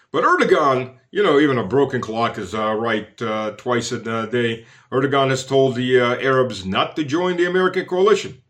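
Sardonic male commentator, mid-pitched, mocking, filler-heavy delivery. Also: fairly bright tone. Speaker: political commentator. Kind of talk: sarcastic commentary.

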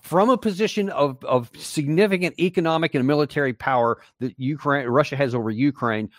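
A man hosting an interview, asking measured, leading questions. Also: a little high, dry recording, clean studio sound. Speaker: host.

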